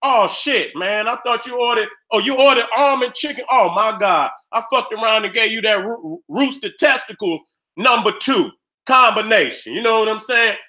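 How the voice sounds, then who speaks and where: High, bright-voiced man ranting. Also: normal speed. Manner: heated, streetwise, loud, acts out dialogues. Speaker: video host. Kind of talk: profane ranting commentary.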